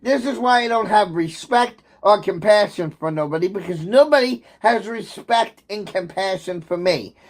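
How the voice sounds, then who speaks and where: A man's voice: high-pitched, moderate pace, hardly any pauses. A man in an angry livestream rant, bitter, aggrieved and heavy with profanity, agitated and sometimes near tears.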